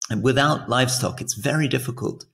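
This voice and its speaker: Man, british accent, podcast co-host, gravelly, earnest, explanatory. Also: mid-range voice, brisk, fairly bright tone. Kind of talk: casual political chat.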